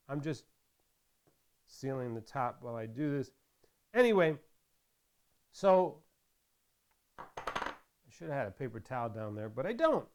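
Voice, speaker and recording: A man's voice: mid-range voice, sing-song, measured pace, pauses often. A man casually chatting while making crafts, rambling through stories with lots of restarts. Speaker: craft vlogger. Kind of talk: casual tutorial chat.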